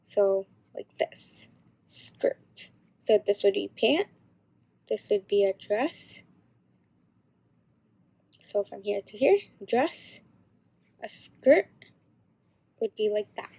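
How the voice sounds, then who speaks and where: A teenage girl explaining signs in a casual, halting tutorial. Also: fairly high pitch, creaky, warm tone, husky. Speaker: sign language instructor.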